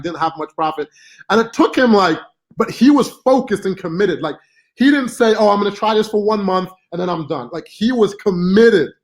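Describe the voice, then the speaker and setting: Man, high voice, chatty, rambling, casual live-stream class host. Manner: chatty, rambling, many fillers and asides. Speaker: online marketing course host.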